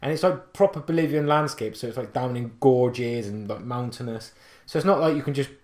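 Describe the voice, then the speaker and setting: Animated rambling West Country man, echoey room. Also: mid-range voice, a little fast. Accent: West Country English. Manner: rambling, animated storytelling with many restarts. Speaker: podcast co-host. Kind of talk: casual chat.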